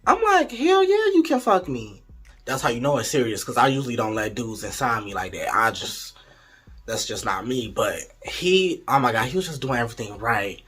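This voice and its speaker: A man's voice: mid-range voice, animated, fairly quick, sharp tone, husky. A young man in casual storytime mode, chatty and candid, talking straight to his viewers. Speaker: vlogger.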